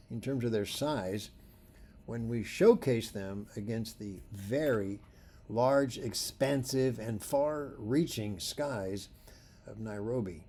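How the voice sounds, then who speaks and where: A male photography instructor gives a presentation, telling workshop stories with animated delivery. His voice is slightly husky and his pitch swings widely. He acts out the dialogue as he goes. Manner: animated storytelling, acting out dialogue.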